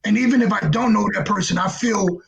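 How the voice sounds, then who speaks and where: Gravelly high-voiced New York man. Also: fairly quick, noisy background. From Brooklyn, New York. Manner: earnest, repeats words as he gathers his thoughts. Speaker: podcast co-host. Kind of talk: casual podcast discussion.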